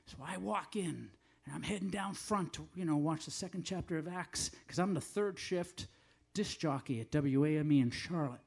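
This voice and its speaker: A man's voice: on the high side, normal speed, creaky, husky. Older man telling a rambling story. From northern United States. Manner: rambling, self-deprecating humor. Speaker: singer-songwriter. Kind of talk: storytelling between songs at a live show. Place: live café performance.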